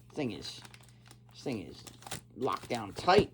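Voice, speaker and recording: A tipsy man talks his way through an unboxing for his vlog, rambling and swinging from low muttering to loud exclamations. His voice sits at an ordinary middle pitch, and the tone stays loose and casual throughout. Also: animated, a little slow, long pauses, husky. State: tipsy after drinks. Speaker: vlogger.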